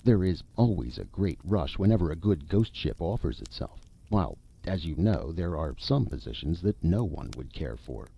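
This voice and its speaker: A man's voice: low-pitched, very animated, normal speed, gravelly, hardly any pauses, husky, exaggerated voice. A man voicing a polite but fretful male ghost in a story reading, eager and fussy in manner. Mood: earnest. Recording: dull lo-fi recording.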